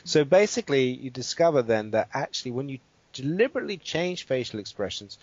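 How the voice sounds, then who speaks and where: A man who is a guest expert, calmly walking through a guided exercise and checking in with the listener as he explains. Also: medium pitch, dry recording. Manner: measured and explanatory, checks in with "right?". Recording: dull, dry interview audio.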